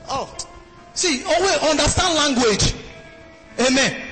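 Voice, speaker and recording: A male preacher with a high, bright, forceful voice. He preaches in a rising and falling sing-song cadence, calling out for the crowd's response. The sound rings through a large, reverberant church hall with faint music underneath. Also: animated, normal speed. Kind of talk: sermon.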